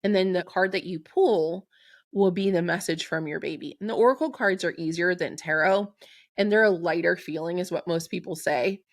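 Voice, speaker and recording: A woman hosting a solo spiritual podcast, speaking in a gentle, affirming way and slowing down to recite intentions. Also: on the low side. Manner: slow and deliberate when reciting an intention. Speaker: podcast host and Reiki practitioner.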